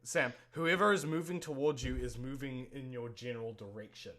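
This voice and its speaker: A man narrating a tabletop game as game master, pausing often with fillers and restarts. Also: mid-range voice, a bit bright. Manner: halting, many fillers and restarts. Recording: noisy home mic.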